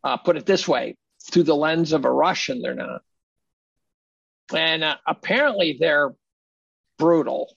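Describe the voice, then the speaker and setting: Brief: gravelly man guest, argues hard, dull lo-fi sound. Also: a little high, unhurried, pauses often, a bit bright, dry recording. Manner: emphatic, argumentative. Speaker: podcast guest. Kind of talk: casual conversation.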